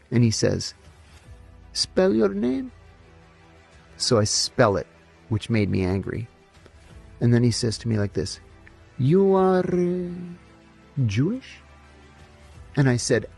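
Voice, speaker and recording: A man's voice: medium pitch, vocal fry, slightly rough. A middle-aged man, a former intelligence officer, telling stories in an interview and acting out the dialogue. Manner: animated anecdotes, acts out quoted dialogue. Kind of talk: storytelling interview answers.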